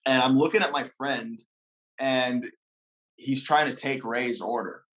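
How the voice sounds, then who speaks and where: A man's voice: medium pitch, measured pace. A man, a guest on a talk show, telling a casual story with lots of laughter, acting out what people said. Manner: animated, laughs often, acts out quotes.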